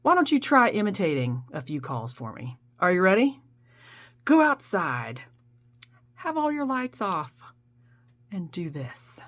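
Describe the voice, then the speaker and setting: With a lowish voice, big pitch swings, a slightly slow pace and frequent pauses, a woman hosts a comic nature monologue. She playfully coaxes listeners and mimics the calls of owls, wolves and bullfrogs as a nature show host.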